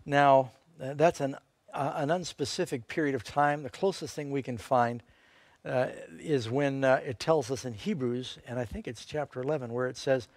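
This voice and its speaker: A man, a pastor co-hosting a Bible question-and-answer show, answering in a relaxed, halting way with many fillers. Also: medium pitch, dry recording. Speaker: pastor and co-host. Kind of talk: unscripted Bible Q&A.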